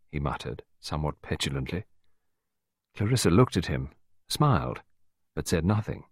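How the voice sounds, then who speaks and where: A man narrating an audiobook in a measured, expressive way, dropping low and quiet on dialogue tags. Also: slightly rough, dry recording, studio quality. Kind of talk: scripted narration.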